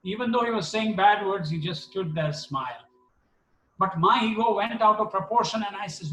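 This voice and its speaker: Animated storyteller man in an echoey hall. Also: high voice, moderate pace. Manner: animated, acts out dialogue. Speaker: speaker at a devotional gathering. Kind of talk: personal storytelling talk. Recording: echoey hall, mic at a distance.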